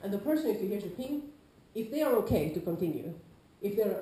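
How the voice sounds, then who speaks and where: Nordic woman teaching a class, mellow voice, acts out players loudly sometimes, roomy echo. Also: mid-range voice, fast, few pauses. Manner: lively, acts out quoted players with sudden loud calls. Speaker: lecturer on larp safety. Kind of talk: informal lecture to a class. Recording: echoey lecture room.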